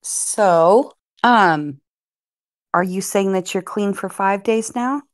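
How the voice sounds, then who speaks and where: A woman calling into an online voice chat who questions the host calmly and hesitantly, with fillers. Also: mid-range voice, slow pace, no room sound, studio quality. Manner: calm, probing, hesitant with fillers. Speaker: caller. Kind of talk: casual voice chat.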